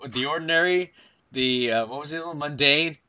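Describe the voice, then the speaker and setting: A man's voice: on the high side, brisk, bright, forceful tone, clean tone, muffled recording. A man co-hosting a casual podcast, joking around and laughing often. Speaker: podcast co-host. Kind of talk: casual chat.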